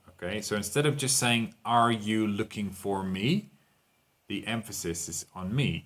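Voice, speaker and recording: Man, deep low voice, English teacher, online lesson, upbeat, explains step by step. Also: expressive, slow, long pauses, a bit bright. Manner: explains in English with Spanish translations; upbeat, walks learners through exercises.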